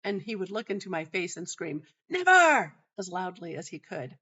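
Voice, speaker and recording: A middle-aged woman hosting a teaching show, telling a personal story in a calm, measured way. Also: lowish voice, slightly rough. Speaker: host and teacher. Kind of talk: narrating a personal teaching anecdote. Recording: dull lo-fi sound.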